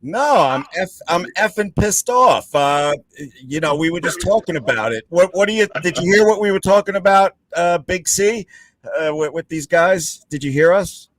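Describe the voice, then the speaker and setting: A man's voice: high voice, expressive, normal speed, fairly bright tone, no room sound. A man on a football fan stream, joking and crude, asking the others for their views. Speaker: guest. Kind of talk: casual football fan chat.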